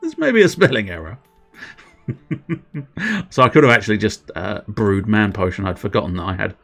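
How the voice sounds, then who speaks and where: A man's voice: fairly low pitch, sing-song, brisk, creaky, fairly bright tone, faint music behind. Rambling, giggly man streaming. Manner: rambling, giggly, with many restarts. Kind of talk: casual gameplay commentary.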